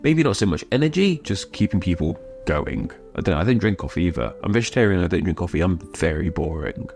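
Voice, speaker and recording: A British man with a lowish voice that moves a lot in pitch gives a scripted explainer. He is chatty and drops self-mocking asides. Faint music runs underneath. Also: animated, fast talker, gravelly, a little mellow. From United Kingdom. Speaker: YouTuber explaining idioms.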